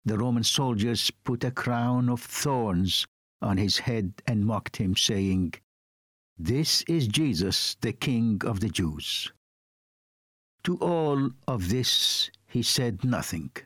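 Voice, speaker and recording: A man preaching a sermon, reading scripture in a solemn, measured way. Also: medium pitch, expressive, fairly bright tone, dry recording, clean studio sound.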